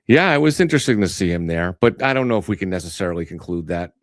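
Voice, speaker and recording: A man hosting a live stream, chatting in a measured way and repeating words as he starts. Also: deep voice, sing-song, no echo. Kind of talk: casual chat.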